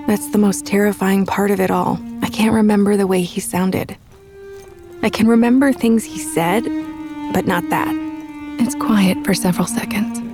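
A young woman narrating a first-person audiobook in a soft, intimate, reflective way. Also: mid-range voice. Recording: with background music.

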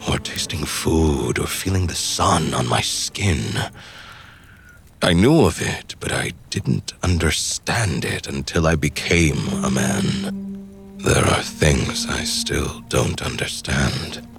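A man voicing a brooding immortal horseman in human form, speaking slowly and solemnly in an audiobook. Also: animated, vocal fry, a bit bright, exaggerated voice. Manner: slow, solemn and low. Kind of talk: audiobook acting. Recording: with background music.

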